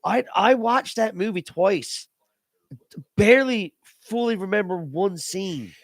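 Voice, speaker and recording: Dude on a podcast making his case, kinda higher voice, repeats himself a lot, dry mic. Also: animated, slow pace, no room sound. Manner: emphatic, repeats words while arguing a point. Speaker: podcast host. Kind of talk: casual chat.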